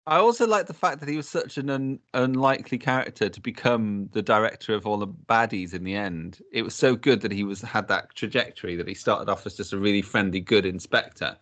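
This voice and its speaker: A man's voice: on the low side, a little fast, hardly any pauses, fairly bright tone, no echo. A man co-hosting a podcast, chatty, asking questions and laughing easily. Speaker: podcast co-host. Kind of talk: casual chat.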